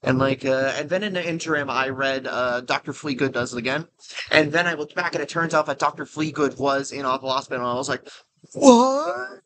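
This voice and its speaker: A man's voice: mid-range voice, steady tone, quick pace, pushed and bright, slight background noise. A man giving casual, rambling commentary while playing a game, full of restarts and fillers. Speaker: game streamer.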